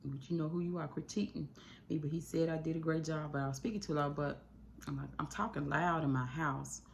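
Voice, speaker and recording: Recorded indoors on a phone, this woman runs a YouTube channel and gives an emotional talk to camera on grief, wandering and changing speed often. She sits low in pitch with fairly even intonation, a brisk pace, vocal fry, and slight background noise.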